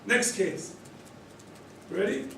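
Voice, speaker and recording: Man, rabbi telling teaching stories, acts out characters, quizzes listeners, fairly high voice, booming echo, mic far away. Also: drawn-out words, slight background noise. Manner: animated storyteller who acts out the characters' quoted lines; quizzes listeners with questions and chuckles. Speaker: rabbi teaching a study group. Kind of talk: lecture told through story cases. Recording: very echoey room, voice from far off.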